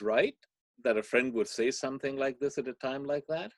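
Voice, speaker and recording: A man being interviewed on a podcast, explaining ideas through animated storytelling. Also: mid-range voice, moderate pace, no room sound. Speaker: guest speaker.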